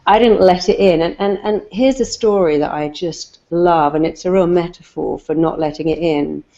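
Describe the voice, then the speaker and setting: A woman's voice: lowish voice, normal speed, warm tone, highs cut off. A woman, a therapist, giving emphatic motivational advice and telling stories with lots of repetition. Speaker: therapist guest.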